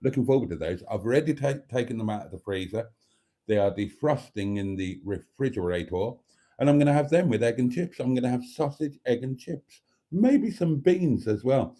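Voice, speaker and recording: A man's voice: mid-range voice, animated, normal speed, warm tone. A man hosting his own channel, talking casually and ramblingly to his viewers in a camp, fond way, sitting at a table indoors. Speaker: channel host.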